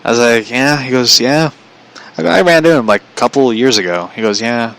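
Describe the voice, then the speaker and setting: A man's voice: medium pitch, a little fast, vocal fry, fairly bright tone, low-quality recording. A man casually telling a personal story, chatty, relaying a conversation line by line and laughing often.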